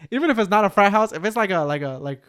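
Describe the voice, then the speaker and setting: Animated young man telling a story. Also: sits high, racing, clear, resonant tone. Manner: animated, swearing, heavy use of "like" and "bro". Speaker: podcast co-host. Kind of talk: casual storytelling chat.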